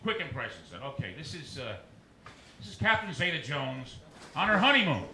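A man performing a stand-up comedy set on a dive bar stage, doing quick crowd work and asides to the audience. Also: on the high side. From New Jersey. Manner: animated crowd work, rapid asides to hecklers. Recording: echoey bar with loud rowdy crowd.

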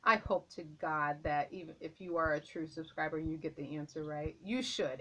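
In a casual to-camera chat at home, a woman vlogger speaks in a fairly low, fairly bright voice. She's gushing and repetitive and a little breathless, and the recording is rough.

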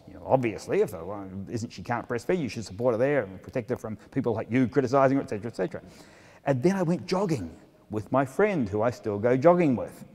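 A man's voice: mid-range voice, a little mellow. A middle-aged man, an author giving a humorous talk to an audience, self-mocking and full of asides. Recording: long hall reverb.

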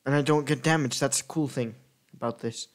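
A man at an ordinary middle pitch narrating his own gameplay in a loose, unscripted way. He thinks aloud, corrects himself and rambles from one thought to the next. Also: fairly quick. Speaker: gaming video creator. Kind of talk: casual gameplay commentary.

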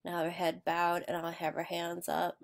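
A woman's voice: on the low side, completely flat delivery, a little fast, creaky. Self-mocking woman narrating her own vlog. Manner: self-mocking, rambling, laughs at herself. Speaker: video creator.

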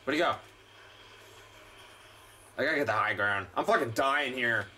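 Playing a horror game, a streamer gives let's play commentary, swearing and ranting at the enemies as he goes. His voice is medium-pitched and sharp at a moderate pace, with a little hiss or hum on the recording.

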